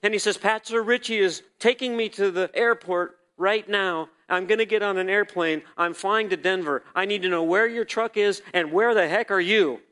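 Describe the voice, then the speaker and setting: A man giving a sermon testimony to a congregation, acting out the dialogue of his story and swinging between quiet reflection and loud, emphatic bursts. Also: high-pitched, moderate pace, hardly any pauses, smooth. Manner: storytelling that acts out quoted dialogue. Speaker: church speaker sharing a testimony. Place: church service.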